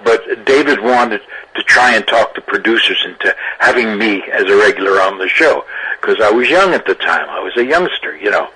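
An older man, an actor being interviewed, telling anecdotes in a lively way and laughing often. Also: lowish voice, normal speed, husky, poor audio. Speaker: actor guest.

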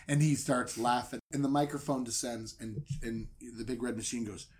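A man retelling a story for comedy, swinging from loud outbursts to hushed asides. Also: mid-range voice, level tone, moderate pace, hardly any pauses.

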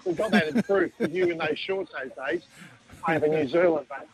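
A man's voice: fairly high pitch, a little fast, poor audio. A man, a former team manager, telling jokey stories as a guest on a radio show, acting out quotes. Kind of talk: casual storytelling on a radio show.

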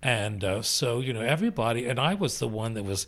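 A man's voice: mid-range voice, fairly quick. Older male stage actor as guest, vivid frank storyteller, wide-swinging mid-range voice. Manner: animated raconteur, frank and salty. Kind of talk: casual storytelling chat.

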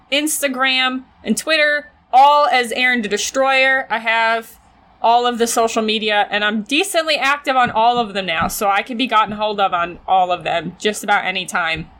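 A woman with a fairly high, bright voice joins a podcast as a guest. She jokes and laughs through loose, easygoing banter. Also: moderate pace, poor audio. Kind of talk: casual podcast chat.

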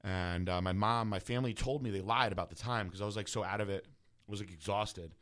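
Male guest, deep voice, candid profane personal story. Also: a little fast, a bit bright. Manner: casual, profane, heavy use of filler words. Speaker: guest bodybuilder.

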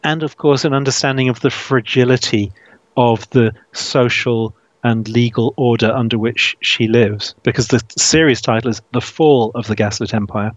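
A man answers interview questions in a thoughtful, searching way, often restarting his sentences and laughing softly. His voice sits at a middling pitch. The recording sounds dull and lo-fi, with no room echo at all. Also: normal speed. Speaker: author guest. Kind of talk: casual interview.

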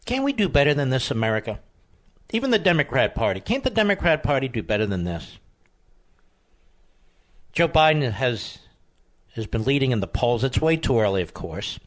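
A man hosting a political talk radio show, combative and emphatic, with sudden high outbursts. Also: big pitch swings, moderate pace, long pauses.

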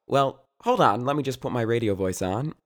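A man's voice: mid-range voice, animated, moderate pace, over music. A man hosting a podcast, bubbly and playful as he opens the show. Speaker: podcast host. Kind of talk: podcast intro and chat.

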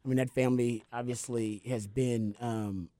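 A man co-hosting a sports talk show, chatting casually and animatedly retelling a story, his voice jumping higher when he quotes others. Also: fairly even intonation, normal speed, dark tone, no room sound. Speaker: podcast co-host. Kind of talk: casual chat.

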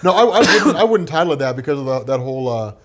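A man co-hosting a casual comics chat, joking in quick banter. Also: medium pitch, sing-song. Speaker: co-host.

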